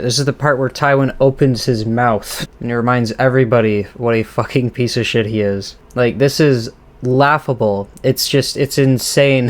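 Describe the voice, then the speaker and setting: Male host, casual off-the-cuff commentary, frequent laughs, swears freely. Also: mid-range voice. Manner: casual, laughs often, swears, lots of fillers. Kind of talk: off-the-cuff episode breakdown.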